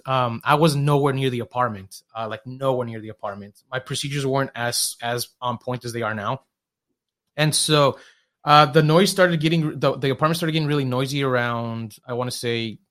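A man, a short-term rental host, casually telling a long story on a podcast with lots of fillers and acted-out quotes. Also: mid-range voice. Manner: fast, animated retelling with filler words and quoted dialogue.

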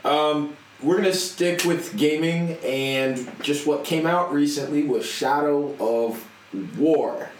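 A man co-hosting a casual gaming chat, speaking in a measured, unhurried way. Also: on the high side. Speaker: podcast co-host. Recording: echoey room, faint noise.

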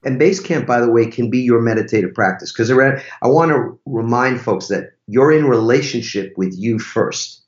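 A man's voice: mid-range voice, normal speed, few pauses. A man who is a podcast guest, speaking in an emphatic, casual way and using rhetorical questions. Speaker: podcast guest, relationship teacher. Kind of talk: casual conversational interview. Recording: roomy, slightly dull sound.

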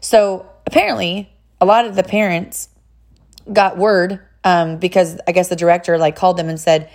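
Her voice lowish and her pace moderate, a Californian mom rambles through personal anecdotes in a chatty monologue. She acts out what others said in lively quoted voices, with "like" sprinkled throughout.

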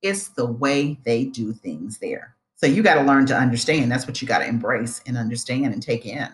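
Low-voiced woman giving lively advice. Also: moderate pace. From United States. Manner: earnest, animated, repeats points for emphasis. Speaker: vlogger giving advice on moving abroad. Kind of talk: casual advice talk to camera.

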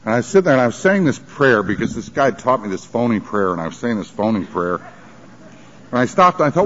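A man's voice: medium pitch, big pitch swings, fairly quick, a bit bright. A man telling his recovery story at a sobriety conference, confessional and emotional with wry humor, on a dull archival tape. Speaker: recovery meeting speaker.

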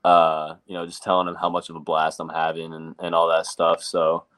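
Young male driver guest, lowish voice, loose rambling delivery packed with "like" and quoted self-talk. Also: monotone, moderate pace, fairly bright tone. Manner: rambling, quotes himself with lots of "like". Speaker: race truck driver guest. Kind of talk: casual interview storytelling.

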